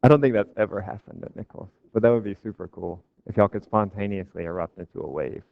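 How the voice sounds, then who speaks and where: A man's voice: on the low side, quick pace, creaky, dry recording. A man giving a physics lecture to a class, casual and joking with his students. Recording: dull, dry lecture recording.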